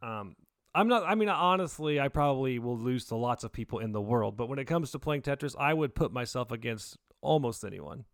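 Animated storytelling man, dry close sound. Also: brisk, no room sound. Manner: excitable storyteller, jumps pitch for quoted voices. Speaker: podcast co-host. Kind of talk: casual chat, animated storytelling.

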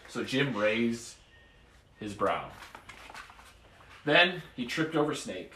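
Dad reading a bedtime story aloud. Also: male voice, medium pitch, slow pace, long pauses. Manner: expressive reading aloud, relaxed chat with kids. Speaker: father. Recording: echoey room, far from mic.

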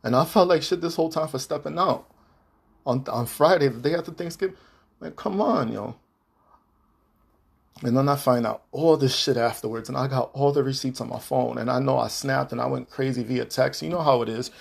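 A podcast host with a mid-range voice speaks briskly, with vocal fry and a breathy edge. He delivers a heated, repetitive, profane monologue directed at an ex-partner.

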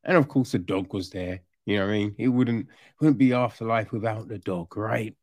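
A man's voice: on the low side, normal speed, dry recording, clean studio sound. A man casually reviewing a TV series, rambling with fillers and restarts and growing exasperated as he rants. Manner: grows exasperated and loud when ranting.

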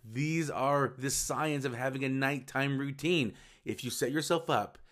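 A man's voice: medium pitch, a little slow, a bit bright. A man hosting his own podcast, talking casually and rambling a little as he restarts and corrects himself. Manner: rambling, self-correcting, informal. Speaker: podcast host. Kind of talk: casual solo podcast talk.

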